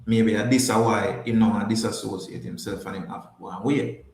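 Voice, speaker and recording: Answering viewers in a relaxed livestream, this podcast host speaks with a Jamaican accent and restates his points to drive them home. He talks a little fast in a steady, lowish, slightly mellow voice, recorded in a roomy space.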